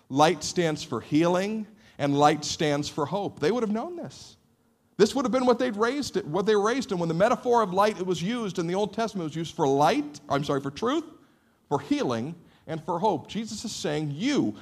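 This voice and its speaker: Animated preaching man, lively pitch. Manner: animated preaching, rising emphasis, repeats words. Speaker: pastor. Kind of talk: sermon.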